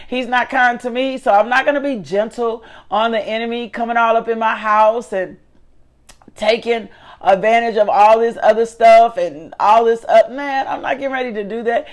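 Middle-aged woman preaching hard on her show, fired-up and repeating herself, voice sits a bit high. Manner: fervent, emphatic, repetitive, exhorting. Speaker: host of a faith talk show. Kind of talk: preaching, motivational devotional talk. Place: her living room.

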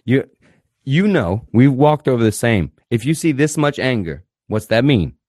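A man hosting a podcast, giving blunt, fervent counsel full of swearing and swinging between loud and quiet. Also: mid-range voice, very animated, normal speed, no echo, clean studio sound. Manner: blunt, swears constantly, mocks therapist clichés. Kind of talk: blunt profanity-laden monologue.

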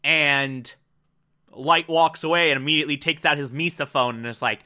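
A man's voice: fairly high pitch, steady tone, normal speed, pushed and bright. A man casually recapping an anime, rambling with laughs and acting out the characters' lines.

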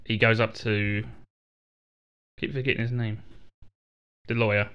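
A man's voice: lowish voice, level tone, unhurried, a bit bright, clear, resonant tone, dull audio. A young man, co-hosting a casual chat, chiming in with dry quips and short remarks. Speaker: podcast co-host.

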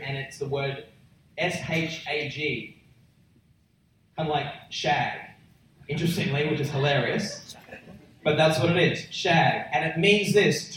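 A man's voice: on the high side, far from the mic, a little hiss or hum. Man preaching in an echoey hall. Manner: emphatic, building to loud roaring peaks. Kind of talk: sermon. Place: large church hall.

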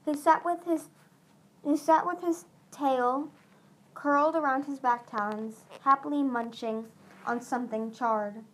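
A woman's voice: high-pitched, fairly even intonation, measured pace, a little hiss or hum. A woman narrating a storybook aloud, reading steadily with small slips and restarts. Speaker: audiobook reader.

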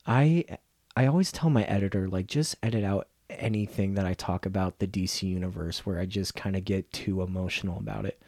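A young man hosting his own podcast, talking casually and ranting with lots of profanity, getting loud and heated. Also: sits low, a little fast, no echo, studio quality. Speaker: podcast host. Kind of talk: casual solo podcast rant.

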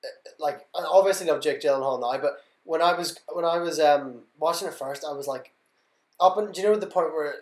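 A young man chats quickly on a podcast, his voice sitting a little high. He rambles and trails off mid-thought. The recording sounds roomy and echoey. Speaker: podcast host. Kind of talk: casual chat. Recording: echoey room.

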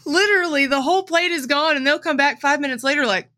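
A woman's voice: sits high, fast talker, pushed and bright. A woman co-hosting a podcast, chatty and blunt, often laughing while she talks. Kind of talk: casual podcast chat.

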